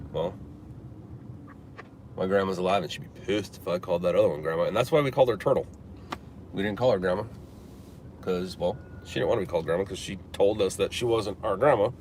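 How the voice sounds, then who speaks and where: A man in his forties hosting a live stream from a car, chatting casually and rambling, with many fillers and restarts. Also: low-pitched. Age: 40s. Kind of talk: casual chat. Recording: traffic noise behind.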